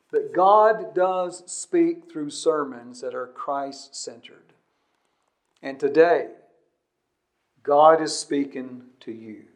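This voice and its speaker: A man preaching a sermon as the pastor, earnest and emphatic, repeating his points and swinging between loud declarations and quiet, low stretches.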